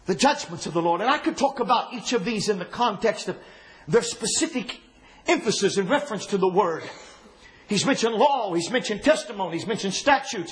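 A man with a strikingly high voice delivers a sermon with fervor. He swings between shouted, ringing declarations and low, hushed passages. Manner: impassioned, often shouting, then dropping low and quiet. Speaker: preacher.

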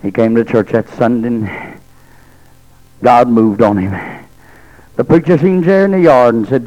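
A man's voice: medium pitch, moderate pace, long pauses, warm tone, poor audio. A male preacher telling a story in a revival sermon, in a rhythmic preaching cadence with frequent "uh" between phrases.

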